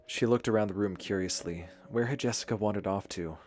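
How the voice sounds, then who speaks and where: Male audiobook narrator, very low voice, measured, steady storytelling. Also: a little hiss or hum.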